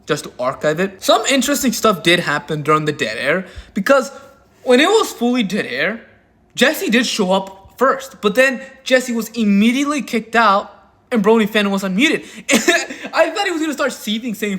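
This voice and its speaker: A man's voice: sits high, expressive, normal speed, a bit bright. A man doing drama commentary in a crude, mocking and heavily profane way. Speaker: commentary YouTuber.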